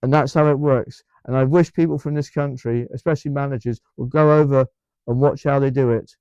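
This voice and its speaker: A man's voice: mid-range voice, fairly even intonation, fairly quick, mellow, clear, resonant tone, no echo, highs cut off. A man with an English accent chatting to camera in a vlog, enthusiastic and rambling, with many restarts and repeated words. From England. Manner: enthusiastic, emphatic. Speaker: vlogger. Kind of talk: casual chat to camera.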